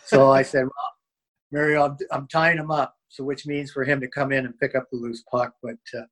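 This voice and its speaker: A man's voice: medium pitch, flat delivery, brisk, a bit bright, low-quality recording. Rambling former hockey player, male. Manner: rambling, many fillers and restarts. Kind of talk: casual interview storytelling.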